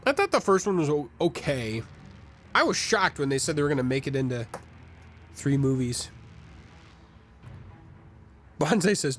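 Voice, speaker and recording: A man's voice: a little high, animated, moderate pace, long pauses, a bit bright, soft background music. A man streaming a game live, chatting in a rambling way and reading viewer comments aloud.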